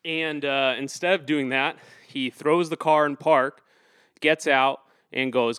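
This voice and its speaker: A man tells a story in an interview, rambling with "like" and "um" and getting heated and emphatic as he goes. His voice sits a little high. The sound is close and dry, with no room echo. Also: fairly even intonation, slow, fairly bright tone, smooth. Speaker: activist guest.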